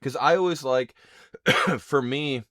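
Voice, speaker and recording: A man's voice: mid-range voice, slow, fairly bright tone, dry recording, clean studio sound. A man hosting a podcast in casual chat, telling stories in a laid-back way and acting out the dialogue. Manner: laid-back storyteller who acts out dialogue. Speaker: podcast host.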